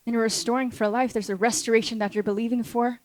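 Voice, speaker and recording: A woman's voice: fairly high pitch, steady tone, fast, a little mellow, no echo. A woman pastor preaching a sermon in a church, impassioned and repetitive, addressing the congregation directly.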